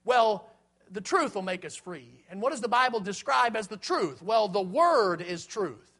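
A man preaching an evening sermon, earnest and repetitive, slowing right down when he quotes scripture. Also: sits high, expressive, a bit bright.

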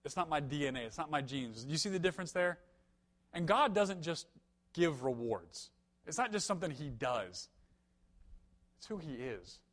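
Young male preacher, slightly higher voice, chatty storytelling sermon with humor and emphatic peaks. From United States.

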